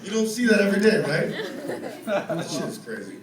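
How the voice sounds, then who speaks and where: A high-pitched man performing stand-up and spinning crude, chatty stories while tossing questions at the crowd. His voice carries from a distance through a roomy club, and loud audience laughter rolls in behind him. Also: sing-song, normal speed. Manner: profane, conversational storytelling with rhetorical asides. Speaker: stand-up comedian. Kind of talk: stand-up set.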